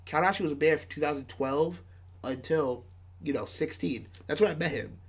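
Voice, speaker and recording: This band member, a podcast guest, speaks at a moderate pace in a slightly rough voice that sits on the high side. He's telling a rambling, casual story packed with "like"s and laughs a lot along the way.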